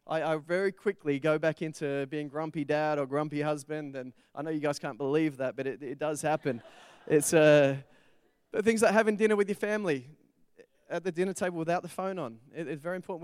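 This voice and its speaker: A middle-aged pastor delivering a sermon with a smooth, resonant voice pitched a little higher than most men. He talks it through like a conversation, weaving in stories from his own family life. The sound is close and dry, with almost no room echo. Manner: conversational preaching with personal stories. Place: church.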